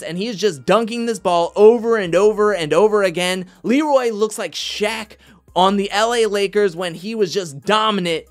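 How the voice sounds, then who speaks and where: In a casual recap of a reality competition show, a high-voiced male host keeps things chatty and animated, regularly putting on mock voices to quote others.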